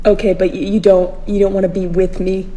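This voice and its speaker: A woman's voice: mid-range voice, flat delivery, brisk, warm tone, dull audio, lightly acted. A woman playing a clingy young woman who earnestly wants a relationship.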